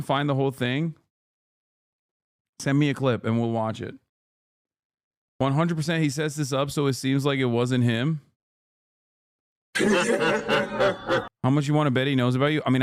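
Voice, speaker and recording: A man's voice: medium pitch, clear, resonant tone, dry recording. Male streamer host, blunt and swearing, dry close sound. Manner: blunt, profane, joking. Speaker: livestream host. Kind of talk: casual reaction chat.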